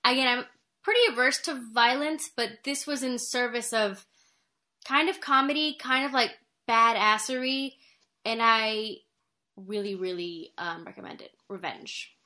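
Bright chatty woman co-host, rambling movie talk. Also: a little high, unhurried. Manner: chatty, rambling, laughs often. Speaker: podcast co-host reviewing movies. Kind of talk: casual chat.

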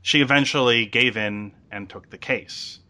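A man's voice: mid-range voice, measured pace, bright, forceful tone. Chatty man recapping a TV episode. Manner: chatty, lots of ums and uhs. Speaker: podcast host.

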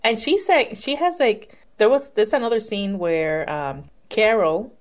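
A woman co-hosting a casual TV recap chat, chatty and quick to laugh. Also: fairly high pitch, animated. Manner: chatty, laughs often, many backchannels. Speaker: podcast co-host.

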